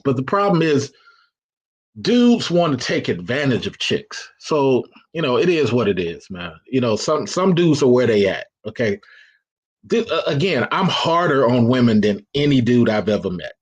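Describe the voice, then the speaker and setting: A man's voice: medium pitch, big pitch swings, normal speed, slightly rough. A man hosting a live call-in show, giving blunt, preachy dating advice in casual slang and reading out chat comments. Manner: casual slang, frequent restarts.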